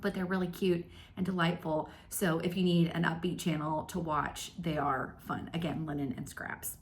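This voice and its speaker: This flosstube host, a woman in her thirties, speaks with a low voice at a moderate pace and fairly even intonation, with slight background noise. She's chatting casually to camera from her home craft room for her stitching vlog, rambling and poking fun at herself with plenty of ums.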